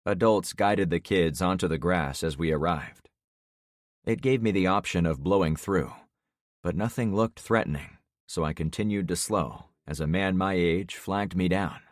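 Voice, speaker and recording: A man reading a first-person audiobook in a steady, measured way. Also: sits low, dry recording, clean studio sound. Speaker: audiobook narrator. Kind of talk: scripted first-person narration.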